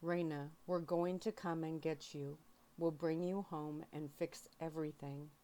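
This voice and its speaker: An anxious young man speaks tenderly yet urgently, as a woman voices him in her reading voice. It stays low and slow, a soft-spoken ASMR book reading. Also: steady tone. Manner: gentle, urgent.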